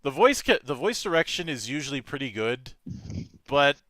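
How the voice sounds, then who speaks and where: A man's voice: medium pitch, big pitch swings, normal speed, bright, forceful tone, no echo. A man in a casual podcast chat, making digressive asides with many restarts.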